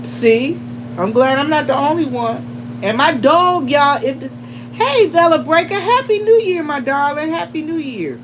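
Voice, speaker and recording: A woman with a drawl and a fairly high voice, chatting loosely on a livestream. She talks straight to her viewers, greets them by name and rambles from one story to the next, with a faint hum under her voice. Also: animated, a little slow. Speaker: livestream host. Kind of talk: casual livestream chat with viewers.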